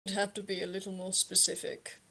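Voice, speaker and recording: A woman narrating a tabletop game as game master, in a hesitant manner with many pauses and ums. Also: medium pitch, flat delivery, gravelly, pushed and bright.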